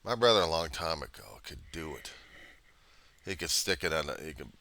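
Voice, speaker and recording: Low, sharp-toned rambling man. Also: sing-song, moderate pace, vocal fry. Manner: grumbling, meandering, drops to muttering. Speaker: vlogger. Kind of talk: casual rambling monologue.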